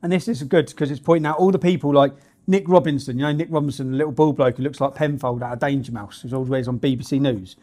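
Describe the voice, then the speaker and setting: A man with a fairly high voice reads out news stories and rails against them. His delivery is blunt and indignant, and he is full of slang and swear words. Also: quick pace, a little mellow. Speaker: vlogger reading out news stories. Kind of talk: ranting commentary on news.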